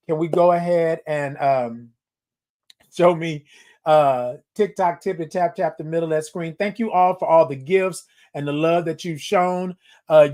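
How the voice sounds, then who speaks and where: With a slightly high, fairly mellow voice, a forties-aged man runs a live stream and speaks fondly and informally to viewers. Repetition of his own phrases adds emphasis.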